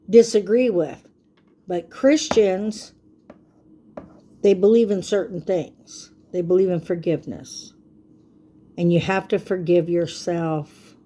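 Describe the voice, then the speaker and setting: A woman's voice: medium pitch, mellow. An older woman giving a folksy, preachy faith talk to camera, often checking in with "okay?". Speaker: vlogger.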